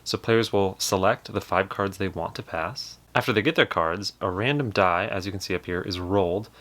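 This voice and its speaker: Brief: young male host, lower voice, casual, self-deprecating card-game explainer. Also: normal speed, fairly bright tone. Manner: chatty, self-deprecating, laughs while telling. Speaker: board game channel host.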